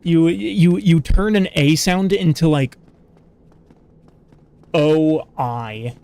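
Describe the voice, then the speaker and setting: A man streams a video game, rambling along casually, poking fun at himself and chatting with his viewers in stream chat. His voice sits high and sounds creaky and mellow, and he takes his time. It's relaxed gaming commentary.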